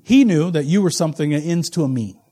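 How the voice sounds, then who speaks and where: A man in his forties preaching a sermon as pastor, shifting between quiet, confiding asides and slow, emphatic, rising proclamation. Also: expressive. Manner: swings from low, intimate asides to loud, slow, emphatic proclamation.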